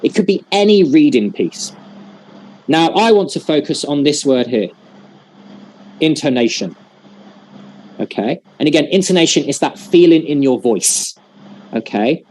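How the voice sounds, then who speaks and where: A man's voice: on the high side, lively intonation, a little slow, pauses often, darkish tone. A man leading a teacher-training workshop over a video call, explaining patiently and demonstrating with examples.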